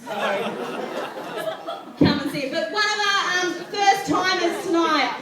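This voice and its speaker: A woman's voice: very high voice, a little slow. A woman hosting a comedy night, chatty, with hesitant ums as she introduces the next act. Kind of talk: introducing acts on stage. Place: comedy venue with live audience. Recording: echoey room mic'd from a distance, crowd noise.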